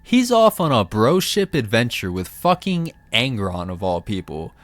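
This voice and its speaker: A man's voice: medium pitch, very animated, a little slow, no echo. A man ranting about fantasy lore in a sarcastic, profane, comedic commentary style.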